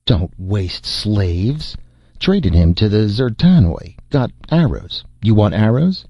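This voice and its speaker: A man's voice: fairly low pitch, sing-song, takes it slowly, warm tone, husky, no echo, lo-fi sound, heavily acted. A man doing a blustering, brutish tribal slaver chief. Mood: gruff. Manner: broken clipped speech, blustering. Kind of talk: audiobook character voice.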